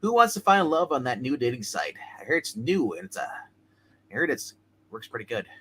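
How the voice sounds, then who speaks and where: A man co-hosting a casual livestream, talking in quick bursts with lots of restarts. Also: mid-range voice, breathy edge. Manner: quick, animated, stumbling restarts. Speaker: livestream co-host.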